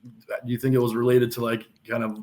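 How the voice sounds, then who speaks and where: A man's voice: mid-range voice, completely flat delivery, a little fast, a little mellow. A man hosting a podcast, asking loose, hedging questions full of likes and you-knows. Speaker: podcast host. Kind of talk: casual interview chat.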